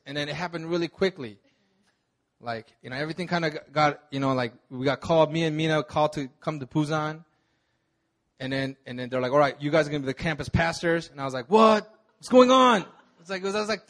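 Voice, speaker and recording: A man's voice: a little high, fairly bright tone. A man in his thirties, a pastor, telling his own story in a sermon in a casual, slangy way with many restarts. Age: 30s. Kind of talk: sermon testimony.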